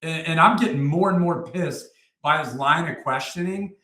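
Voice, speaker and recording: A man's voice: on the high side, normal speed, pushed and bright, roomy sound. A middle-aged man, a retired army sergeant, telling war stories as an interview guest in a blunt, profane way, full of fillers and restarts. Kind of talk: casual interview storytelling.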